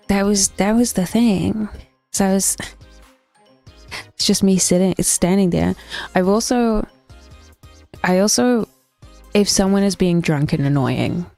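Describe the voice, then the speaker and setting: Young woman streamer, low mellow voice, blunt, sweary casual chat. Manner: blunt, swears freely, laughs between stories.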